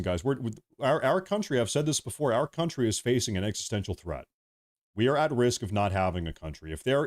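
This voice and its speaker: Fired-up guy on a political livestream, ranting hard, voice right in the middle. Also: mid-range voice. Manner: heated, ranting, then apologetic. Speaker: livestream host.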